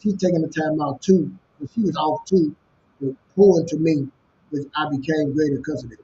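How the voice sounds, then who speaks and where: A man with a Louisiana accent, a co-host telling a personal story in casual, animated talk. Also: a little high, normal speed, highs cut off, slight background noise. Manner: animated storyteller, repeats "you know what I'm saying". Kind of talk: storytelling chat.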